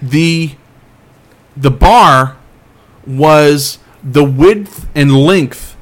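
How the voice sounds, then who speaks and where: A man's voice: fairly high pitch, drawn-out words. Rambling self-deprecating podcast host man. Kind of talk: casual chat.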